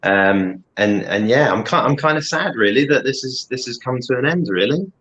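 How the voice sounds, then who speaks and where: A man's voice: mid-range voice, lively intonation, moderate pace, fairly bright tone. British man over dull call audio. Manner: hesitant, many restarts. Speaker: guest co-host. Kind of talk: casual chat.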